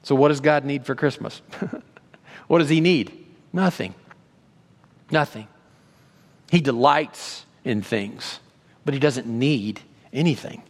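A male pastor preaching a sermon, animated, acting out God's words with rising emphasis. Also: medium pitch, slow pace, pauses often. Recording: long reverb of a large hall.

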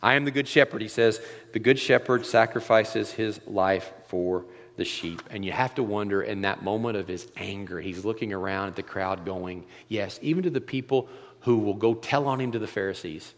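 A male pastor preaching a sermon, moving between hushed, quiet passages and loud, impassioned climaxes. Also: lowish voice, moderate pace, long reverb tail.

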